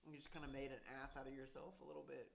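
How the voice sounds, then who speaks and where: A young man telling a story in casual chat, cursing a lot and rambling, getting louder and laughing as he gets worked up. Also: medium pitch, completely flat delivery, very fast, vocal fry, echoey room.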